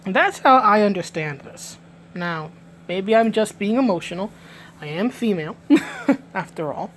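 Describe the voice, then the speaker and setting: A woman's voice: mid-range voice, slight background noise. A woman from New York City with a New York accent, giving emphatic, indignant vlog commentary and often restarting her words. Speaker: vlogger. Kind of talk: direct-to-camera commentary.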